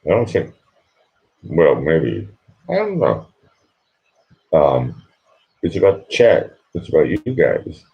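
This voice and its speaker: A sleepy man hosting a late-night livestream, talking quietly and rambling so he won't wake anyone at home. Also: a bass voice, very animated, takes it slowly, gravelly, long pauses, dull audio. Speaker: livestream host.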